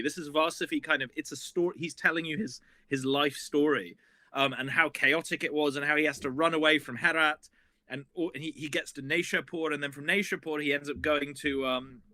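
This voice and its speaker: A man with a light, high and very bright voice tells a story with lots of energy, circling back and restarting as he goes. The sound is close and dry, with no room around it. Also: dry recording. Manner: animated, rambling, many restarts. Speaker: guest historian. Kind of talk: casual storytelling.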